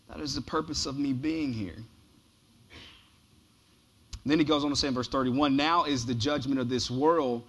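A man preaching a sermon in a relaxed, conversational way, with emphatic repeated phrases and casual slang. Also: medium pitch, moderate pace, long pauses. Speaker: pastor.

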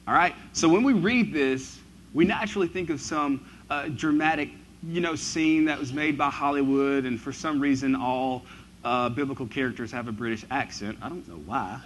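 A man preaching a sermon, reading scripture and then riffing on it, his voice swinging from loud to hushed. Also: medium pitch, moderate pace, slight background noise. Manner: animated, swinging from loud to hushed, asks the congregation questions; reads scripture aloud then riffs on it. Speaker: pastor.

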